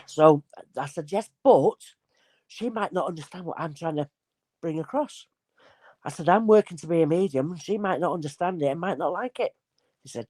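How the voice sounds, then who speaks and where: A woman's voice: low-pitched, brisk, husky, dry recording. A woman, a spirit medium guest telling stories casually and acting out the voices in them. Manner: animated, acts out voices in anecdotes. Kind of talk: casual storytelling conversation.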